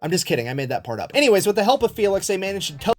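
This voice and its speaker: A man retells history in a high voice, loose and profane, with a steady stream of jokes. A faint music bed runs underneath him. The delivery is casual and comedic throughout. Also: rapid-fire. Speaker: history storyteller.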